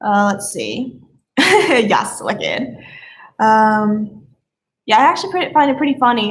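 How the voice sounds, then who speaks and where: A young woman with a slight Southern accent, chatting casually on a live stream, rambling and easily sidetracked. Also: mid-range voice. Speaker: livestreamer.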